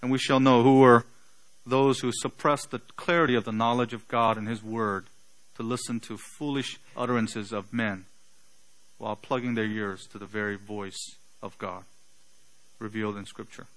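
A man preaching a sermon, building to loud emphatic peaks and trailing off quietly at the ends of phrases. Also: fairly low pitch, steady tone, normal speed, low-quality recording.

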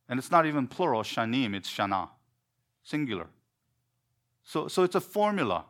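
A man's voice: medium pitch, a bit bright. A man teaching a Bible lesson, explaining words emphatically and repeating himself as he thinks.

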